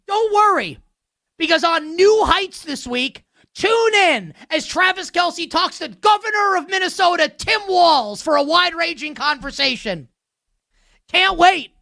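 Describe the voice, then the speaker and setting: A woman's voice: high voice, bright, forceful tone, dry recording, clean studio sound. A woman hosting a sports show, ranting with heated sarcasm.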